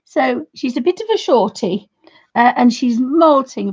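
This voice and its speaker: A croaky woman in her fifties rambles casually to her viewers from a home art studio. Her voice sits a little high but sounds mellow and husky, and the recording is dull and lo-fi. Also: animated, measured pace. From United Kingdom. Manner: chatty, rambling, talks fondly to her dog. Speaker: art livestream host. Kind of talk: casual chat to viewers and pets.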